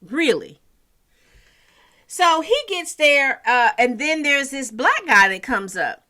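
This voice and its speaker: Chatty woman with a bright voice. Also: high voice, animated, measured pace. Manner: chatty storytelling with endearments. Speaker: TV episode recapper. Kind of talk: casual recap.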